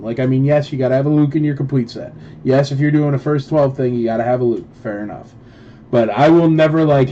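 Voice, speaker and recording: A man rants with sarcasm and casual scorn, slipping into mocking quotes as he talks. His voice sits a little high but sounds mellow. The audio is dull and lo-fi, with faint music underneath. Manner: sarcastic, ranting, mocks with put-on quotes. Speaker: live auction seller. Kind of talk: casual ranting chat.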